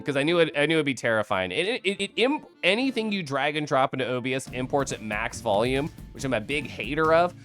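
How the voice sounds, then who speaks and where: Man, hoarse, from the Midwest, animated pitch, loose swearing stream chatter, soft music behind. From American Midwest. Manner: loose, profane and chatty with frequent laughs. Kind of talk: casual livestream chat.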